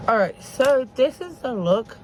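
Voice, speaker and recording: A woman's voice: sits high, animated, measured pace, slight background noise, poor audio. A woman, chatting casually to viewers as she does her makeup at home. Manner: chatty, talks straight to viewers while doing makeup. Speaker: makeup vlogger. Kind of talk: casual get-ready-with-me chat. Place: home, children around.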